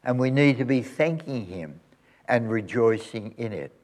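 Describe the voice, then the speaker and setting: A male pastor telling a story at the close of a sermon and leading a quiet prayer. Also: mid-range voice, lively intonation, unhurried. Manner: storytelling, then soft reverent prayer.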